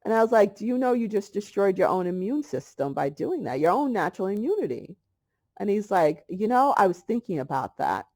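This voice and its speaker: A middle-aged woman talks to camera in a casual, chatty monologue. She tells her story freely, slipping into the voices of the people in it as she goes. Her pitch sits in the middle of a woman's range. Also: big pitch swings, a little fast, a little mellow. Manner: chatty storytelling, acting out both sides of a conversation. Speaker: holistic health vlogger.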